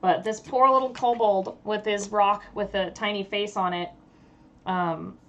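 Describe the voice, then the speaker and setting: A woman narrates a tabletop game as its game master. She talks casually and haltingly, with many small pauses, at a mid pitch. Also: fairly even intonation, lo-fi sound.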